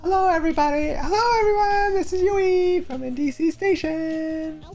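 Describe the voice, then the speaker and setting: A woman voicing a chirpy young female TV presenter in a squeaky announcer manner while reading game dialogue aloud. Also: normal speed, a little mellow, faint music behind. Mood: perky.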